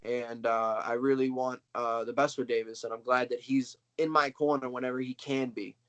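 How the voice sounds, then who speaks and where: A man's voice: medium pitch, fairly even intonation, moderate pace, fairly bright tone, low-quality recording. A young man, a wrestler, talking casually on a video call as an interview guest, slangy and boastful as he tells his story.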